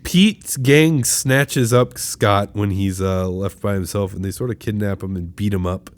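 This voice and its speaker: A man co-hosting a podcast, recapping a film plot in a laid-back way, with frequent pauses. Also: fairly low pitch. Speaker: podcast co-host. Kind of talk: casual movie-recap chat.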